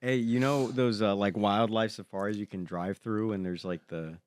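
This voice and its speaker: A young man co-hosting a podcast, talking in a relaxed, meandering way and saying "dude" often. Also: fairly low pitch, moderate pace, dry recording. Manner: relaxed, says "dude" a lot, drifts while remembering. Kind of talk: casual chat.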